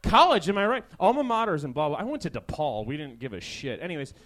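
Sarcastic, rambling high-voiced young man. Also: big pitch swings, fast, a bit bright. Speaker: talk show host. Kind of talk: stand-up monologue. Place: small live comedy venue. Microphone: handheld stage microphone.

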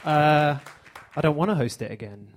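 A man with an English accent doing a stand-up set on a theater stage, with a dry, deadpan delivery. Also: fairly high pitch, moderate pace, some chatter behind. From England. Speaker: stand-up comedian.

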